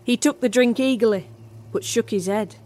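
A woman's voice: a little high, moderate pace, mellow, natural voice. A woman narrating a first-person horror tale as a barmaid in an audio drama. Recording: music score underneath.

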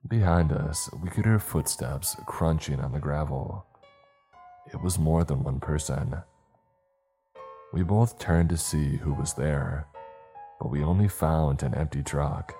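Deep dark guy narrating a scary story slow and ominous, faint music under it. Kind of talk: scripted horror narration.

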